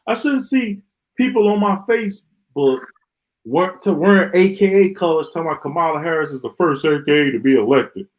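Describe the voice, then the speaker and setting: A man's voice: fairly high pitch, expressive, brisk, poor audio. A man hosting a live stream, ranting in an exasperated, sarcastic way and often repeating himself. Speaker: podcast host.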